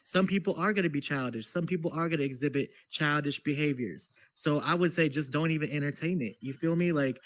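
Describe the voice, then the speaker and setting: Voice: mid-range voice, a little fast, hardly any pauses, no echo. A podcast co-host gives advice in a laid-back, casual way.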